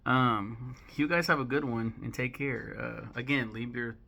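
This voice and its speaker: Gravelly, bright-voiced man chatting to camera. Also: medium pitch, measured pace. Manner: rambling, joking, swears casually. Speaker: vlogger. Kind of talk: casual chat to camera.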